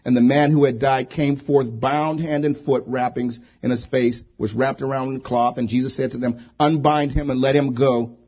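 A man's voice: mid-range voice, level tone, normal speed, hardly any pauses, breathy edge. A man preaching a sermon as a pastor, emphatic and fond of repeated phrases. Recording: dull lo-fi recording.

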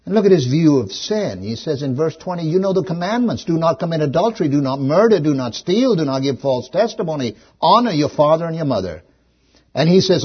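Husky preacher guy, lively ups and downs, kinda muffled lo-fi recording. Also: a little high, normal speed. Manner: animated preaching, swings from loud to hushed. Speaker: pastor. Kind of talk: sermon.

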